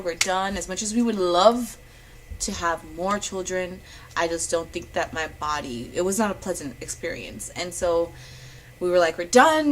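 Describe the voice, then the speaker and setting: A young woman telling her personal story in a candid, animated way, swinging from loud bursts to hushed moments. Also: lowish voice, a little hiss or hum, poor audio. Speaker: vlogger.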